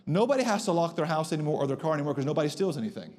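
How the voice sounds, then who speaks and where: A man preaching a sermon to a congregation, emphatic, slowing down and rising in pitch to drive home his points. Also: sing-song, a little mellow. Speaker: pastor. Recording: long reverb of a church hall.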